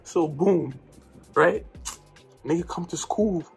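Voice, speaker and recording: A young man from New York tells a comedic storytime vlog, slangy and animated, with sudden loud outbursts. His voice has a gravelly edge, and faint music plays underneath. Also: a little high, slow pace. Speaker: vlogger.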